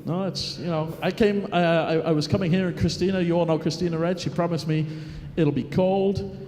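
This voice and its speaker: A man's voice: on the high side, fairly even intonation, a little fast, darkish tone, a little hiss or hum. A man hosting a live event on stage, bantering and teasing the crowd while filling time. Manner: chatty, joking, teasing the crowd. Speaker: event host. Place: large conference hall on stage. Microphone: stage microphone. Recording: long reverb in a large hall.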